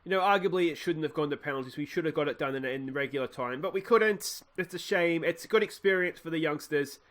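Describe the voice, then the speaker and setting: A young Australian man commentating his own football management game, swinging from loud shouts at near misses to quiet musing. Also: a little high, fast talker. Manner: bursts into shouts at near misses, then drops to musing mutters. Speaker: gaming let's play host.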